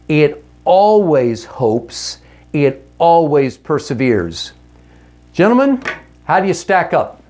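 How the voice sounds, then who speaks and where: A man's voice: a little high, darkish tone. A man teaching a marriage seminar to other men, talking in an earnest, direct and conversational way, often asking his listeners rhetorical questions and correcting himself mid-sentence. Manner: candid and conversational with self-corrections.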